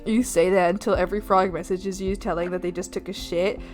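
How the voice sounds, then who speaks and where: A woman's voice: fairly low pitch, fairly even intonation, brisk. A young woman streamer chatting casually to her viewers, rambling and giggling with crude, playful jokes and lots of fillers. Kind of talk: casual live-stream chat. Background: soft background music.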